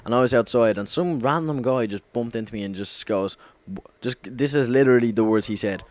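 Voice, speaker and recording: A young gaming commentator rambles through a story over gameplay, cursing often and correcting himself along the way. His voice is medium-pitched and fairly quick.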